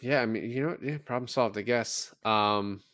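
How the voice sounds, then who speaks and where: A man's voice: mid-range voice, normal speed, fairly bright tone, dry recording, studio quality. A man co-hosting a podcast, casually recapping a film and swearing freely as he talks. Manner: loose, swears freely, acts out quotes from the film. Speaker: podcast co-host.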